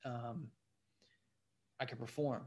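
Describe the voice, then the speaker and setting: A man's voice: mid-range voice, fairly even intonation, slow pace, darkish tone. A man who works as a comedian, chatting loosely as a podcast guest, leaning on fillers and playful asides. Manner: loose, rambling, leans on "you know" and "like"; playful and joking. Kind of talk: casual interview chat.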